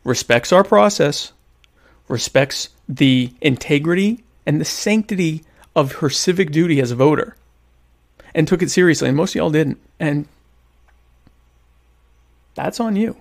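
A man's voice: fairly high pitch, normal speed, gravelly. A man hosting a casual livestream, joking and teasing his viewers in a self-mocking way while he eats. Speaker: livestream host. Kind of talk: casual comedic chat with viewers. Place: home, at a meal.

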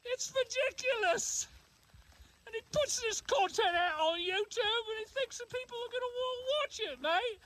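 A man's voice: very high-pitched, expressive, moderate pace, pushed and bright, exaggerated voice. A man putting on a ranting "Uncle Colin" character. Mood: grumbling rant. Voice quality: put-on British-style voice, calls everyone mate. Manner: grumbling, ranting to the camera. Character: ranting man in the snowy woods, calls himself Uncle Colin. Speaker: video maker. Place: outdoors in wind and snow.

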